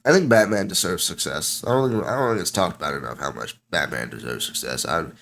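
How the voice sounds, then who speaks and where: A young man rambles through a late-night solo stream, his low voice worn and tired. His pitch swings widely as he mocks himself and loses his train of thought. He sounds casual and easily sidetracked. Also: expressive, brisk, creaky, fairly bright tone.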